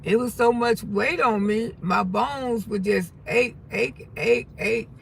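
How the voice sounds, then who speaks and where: Blunt gravelly older woman. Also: a little high, slow, low-quality recording. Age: 60s. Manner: candid, blunt, folksy, swears freely. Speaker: livestream host. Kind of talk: casual livestream chat. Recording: loud traffic noise behind.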